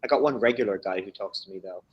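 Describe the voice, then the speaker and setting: A man's voice: lowish voice, fast talker, slightly rough, dull audio. An Irish man teaching an online English class, chatting casually over a video call and laughing often. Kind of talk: casual chat during an online lesson.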